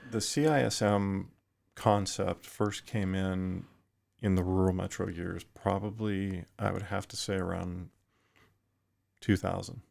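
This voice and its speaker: Deep, gravelly man, flat delivery. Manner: thoughtful, halting with frequent restarts. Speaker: retired firefighter guest. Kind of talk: reflective podcast interview.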